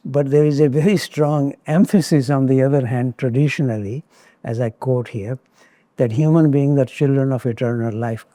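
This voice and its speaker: A man giving a lecture on spiritual traditions, speaking in a measured, deliberate way with occasional wry asides. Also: medium pitch, warm tone, no room sound.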